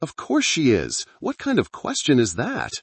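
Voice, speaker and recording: A man's voice: medium pitch, huge pitch swings, moderate pace, breathy edge, no room sound, pitched above the performer's own voice, full character voice. A man voicing a desperate middle-aged father who is a doctor, speaking urgently and insistently.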